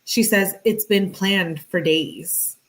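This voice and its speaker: A woman's voice: mid-range voice, takes it slowly, low-quality recording. A woman hosting a true-crime commentary, reading text messages aloud with blunt, conversational, exasperated asides.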